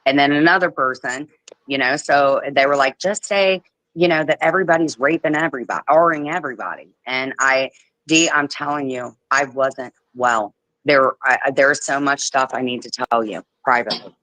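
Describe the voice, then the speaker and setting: Bright-voiced woman host telling stories. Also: very deep voice, normal speed, no echo, low-quality recording. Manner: animated storyteller, swears, mimics callers. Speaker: livestream host. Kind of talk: casual chat.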